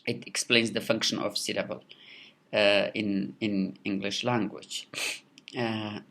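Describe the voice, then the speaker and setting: Slow, halting male teacher. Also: lowish voice, little pitch movement, gravelly, pushed and bright. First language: Kurdish. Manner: halting, many repeated words and fillers. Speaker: English teacher. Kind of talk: recorded lecture.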